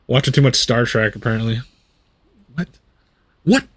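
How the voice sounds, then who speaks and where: A man's voice: mid-range voice, lively intonation, normal speed, no echo. A man casually commenting on his gameplay during a live stream, thinking aloud and rambling. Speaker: game streamer. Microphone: studio USB condenser mic.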